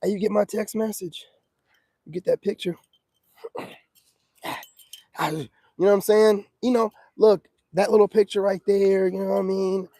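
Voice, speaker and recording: A man's voice: sits high, steady tone, moderate pace, long pauses, warm tone, dry recording. A man hosting a casual livestream, giving streetwise dating advice in a preachy manner and reacting to viewer comments.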